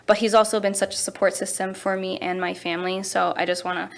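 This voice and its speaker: A woman's voice: fast, creaky. A woman in her twenties, a youth pastor and teacher, telling stories in a casual interview and acting out quotes with big jumps in her voice. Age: 20s. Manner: animated, acts out quotes with big pitch jumps.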